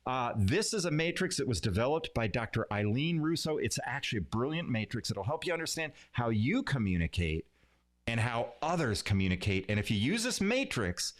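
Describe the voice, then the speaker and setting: A man coaching viewers on communication in a live stream. His voice is lively and sits at a middle pitch. He breaks up his tempo, drops to a softer voice, and leans on single words for emphasis. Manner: animated, plays with pauses, pitch and emphasis. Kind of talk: live-streamed lesson, talking to camera. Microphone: streaming setup.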